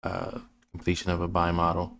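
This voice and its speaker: Man, deep voice, flat delivery, unhurried, rambling chart talk. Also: gravelly, slight background noise. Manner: rambling, restarts often, many fillers. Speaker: trading educator. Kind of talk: casual chart walkthrough.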